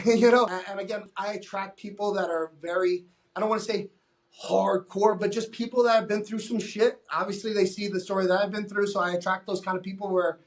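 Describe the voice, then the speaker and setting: A man's voice: high voice, fairly even intonation, brisk. A man talking as a fitness coach in a casual podcast conversation. He is blunt and emphatic, swears freely, and acts out exchanges with his clients in quoted voices.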